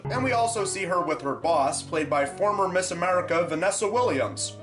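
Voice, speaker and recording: A man narrating a comedic film review in a sarcastic, deadpan way. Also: high-pitched, normal speed, few pauses. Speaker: movie reviewer. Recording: echoey room with faint music.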